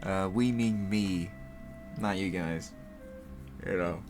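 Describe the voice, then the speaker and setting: A man's voice: sits low, slow pace, pauses often, darkish tone, soft background music. A young man in his twenties hosting a casual solo chat, rambling and laughing often, with casual swearing, on a desk mic at home. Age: 20s. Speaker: podcast host. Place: home recording setup by a computer. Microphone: desk mic set higher, farther from computer.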